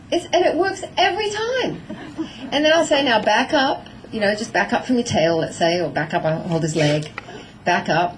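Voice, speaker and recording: A middle-aged woman giving a lively talk on horse training to an audience, acting out little exchanges with her horse. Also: a little high, normal speed, slight background noise, low-quality recording. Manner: animated, acting out voices of herself and her horse.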